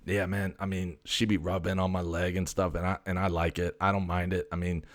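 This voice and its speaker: A man's voice: low-pitched, level tone, brisk, close to an everyday voice. A man voicing a brash, foul-mouthed male house cat who swaggers, stammers and swears constantly. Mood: boastful. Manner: swaggering, profane, rambling with stammers.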